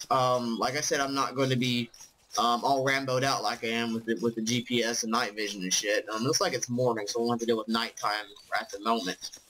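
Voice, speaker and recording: Tired man rambling bright-voiced gameplay talk. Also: mid-range voice, a little hiss or hum, poor audio. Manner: rambling, full of ums, profane. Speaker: let's play host. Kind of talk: casual gameplay commentary.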